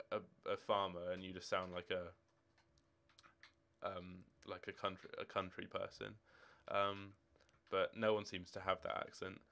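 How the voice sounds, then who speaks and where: His voice is low-ish, smooth and bright, with a forceful tone. He's an eighteen-year-old from Scotland chatting casually on a game stream, wandering through answers to viewers' questions in his home room with football shirts and drawers.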